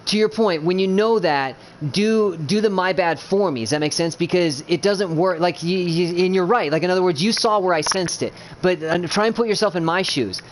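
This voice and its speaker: A man speaks over a casual gaming voice chat, his voice slightly high and carrying a faint hiss behind it. He is blunt and swears freely. He rambles through false starts while earnestly checking that his teammates follow him. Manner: rambling, blunt and profane, many restarts; earnest, keeps checking he is understood. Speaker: gamer coaching teammates.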